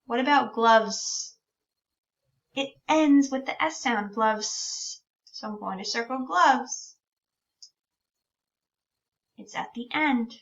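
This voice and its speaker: Woman teacher, speech-sound lesson for small kids, very slow, sounds out words, dull distant recording. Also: fairly high pitch, creaky.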